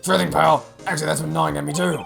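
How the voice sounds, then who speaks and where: A man voicing a jumpy, eager male police detective who talks loudly and stammers. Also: a little high, level tone, vocal fry, music in the background, voice pushed up. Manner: rushed, loud, stammering.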